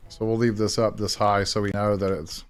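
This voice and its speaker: A young man with a fairly low voice gives casual let's-play commentary as a gaming channel host. He rambles on and talks to himself between actions. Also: flat delivery, moderate pace, smooth. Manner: chatty, rambling, self-talking.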